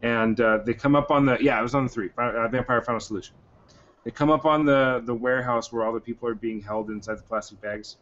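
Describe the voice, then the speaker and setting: A man's voice: mid-range voice, fairly even intonation, fast, a bit bright. A man chats casually on a movie podcast and rambles through his points. The sound is dull and lo-fi. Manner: rambling, retells scenes. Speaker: podcast co-host.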